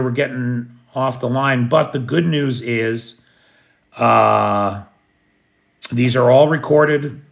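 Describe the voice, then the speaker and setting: A man's voice: medium pitch, vocal fry. An American man hosting a late-night livestream, chatting casually and answering viewer comments in a rambling way. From United States. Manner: rambling, chatty, restarts and fillers. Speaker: livestream host. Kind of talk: casual live chat reading comments. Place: living in Kyiv, recording at home at night.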